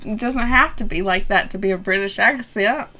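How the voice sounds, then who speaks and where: A woman's voice: medium pitch, normal speed, bright, forceful tone, a little hiss or hum. A woman co-hosting a casual game stream with friends, giggly and flustered as she keeps refusing. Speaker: streamer co-host. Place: home streaming room.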